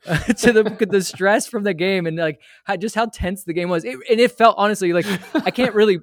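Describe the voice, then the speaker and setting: Podcast guest, male, slightly high voice, rambling animated storyteller, dry close sound. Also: fast talker, dry recording. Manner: rambling, animated storyteller with many fillers and asides. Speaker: guest sharing a fan memory. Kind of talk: casual storytelling.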